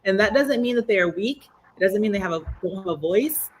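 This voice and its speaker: A woman's voice: medium pitch, animated, a little fast, a little hiss or hum, low-quality recording. A woman on a panel making a preachy, emphatic case on a call. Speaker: panel guest. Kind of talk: opinionated panel talk.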